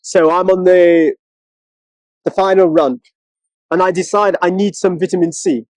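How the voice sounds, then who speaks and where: A man, chatting as co-host in a casual interview and telling stories, often mimicking other people in a high mocking voice. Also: level tone, unhurried, darkish tone, dry recording, rough recording. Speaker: co-host, one of twin brothers.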